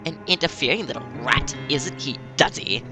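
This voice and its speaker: A man voicing a gruff, bullying old father who talks slowly and menacingly. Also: medium pitch, over music, natural voice.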